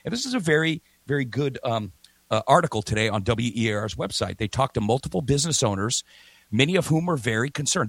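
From a remote hotel or home setup, a man runs a morning radio talk show, chatting with energy and reading ads emphatically and repetitively. His medium-pitched voice has a fairly bright tone and no echo.

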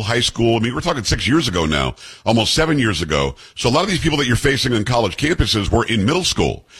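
A man's voice: medium pitch, fairly bright tone, breathy edge. A middle-aged man hosting a radio talk show, questioning his guest in an emphatic way. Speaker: host.

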